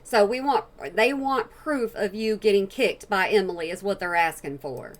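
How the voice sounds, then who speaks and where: A woman's voice: mid-range voice, normal speed. A woman giving blunt, opinionated casual commentary as a reaction channel host.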